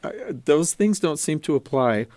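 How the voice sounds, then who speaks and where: A man's voice: on the high side, lively intonation, a little slow, a little mellow, no room sound. A man hosting, posing inviting questions to the guests. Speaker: host. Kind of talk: interview questions.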